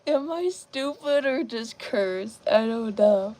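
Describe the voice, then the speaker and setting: A woman's voice: fairly high pitch, expressive, slow pace, few pauses, mellow. A woman hosting a casual live chat, rambling and chatty, with lots of fillers, talking to her viewers. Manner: talks to her viewers as "guys". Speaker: live-stream host.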